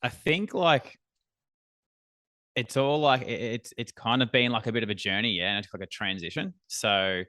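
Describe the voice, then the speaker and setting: A man with an Australian accent, a business coach who talks casually and a little haltingly as a podcast guest. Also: medium pitch, no echo, clean studio sound. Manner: relaxed, laughing easily, halting.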